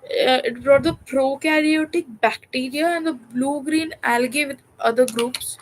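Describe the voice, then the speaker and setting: A woman's voice: high-pitched, unhurried, slight background noise, low-quality recording. A young woman, reading a textbook aloud on a study livestream and breaking off for jokey, cussing asides. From India. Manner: distracted and chatty, breaks off reading for joking, swearing asides. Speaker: student livestreamer.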